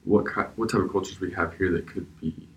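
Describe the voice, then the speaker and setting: A man student reflecting thoughtfully on a trip, pausing with ums. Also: low voice, steady tone, fairly bright tone, rough recording. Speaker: student traveler. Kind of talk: casual interview reflection.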